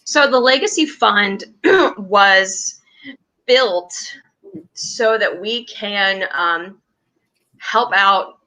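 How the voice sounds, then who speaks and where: A woman's voice: mid-range voice, drawn-out words, sharp tone, rough recording. A young woman from West Virginia chatting in an interview about her touring theater troupe, rambling and restarting often. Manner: rambling, restarts often, laughs between stories. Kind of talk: casual interview chat.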